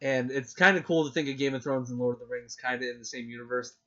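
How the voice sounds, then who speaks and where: A man's voice: mid-range voice, fast talker. Rambling young man on a lo-fi podcast. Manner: rambling, excitable, lots of fillers. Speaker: podcast co-host. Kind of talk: casual chat. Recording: dull lo-fi sound.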